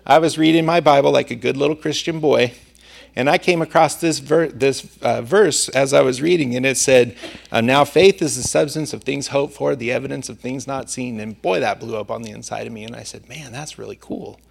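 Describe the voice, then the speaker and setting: A man's voice: medium pitch, fairly quick, gravelly. A male preacher delivering a sermon, telling a personal story in a conversational manner.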